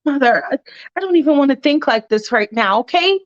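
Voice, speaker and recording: A woman's voice: high-pitched, lively intonation, brisk, no room sound, highs cut off. A woman voicing an anxious young woman dancer who talks to her mother in an exasperated, urgent way.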